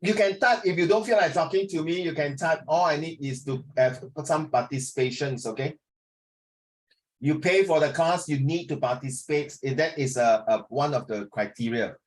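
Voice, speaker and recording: A man's voice: on the high side, moderate pace. A middle-aged man, teaching an online class in a chatty, teasing way over a video call. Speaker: English tutor.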